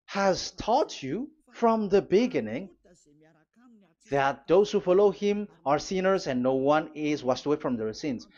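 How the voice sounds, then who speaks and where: A man's voice: on the high side, a little mellow. A man preaching a live sermon, reading scripture aloud and pressing urgent warnings on his listeners, with frequent fillers and restarts. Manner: halting, many fillers and restarts. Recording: dull lo-fi sound.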